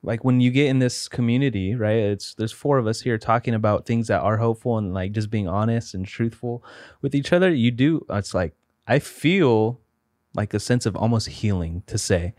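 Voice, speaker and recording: Earnest man talking faith and hope, lowish pitch, close dry mic. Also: normal speed, a little mellow, no room sound. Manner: earnest, reflective, emphatic. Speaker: podcast co-host. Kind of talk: faith podcast discussion.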